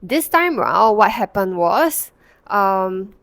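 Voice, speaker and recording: A woman's voice: medium pitch, very animated, takes it slowly, vocal fry, a bit bright, no room sound. A woman, a counsellor and Reiki practitioner, telling a personal story to the camera in a reflective way, with many fillers and restarts.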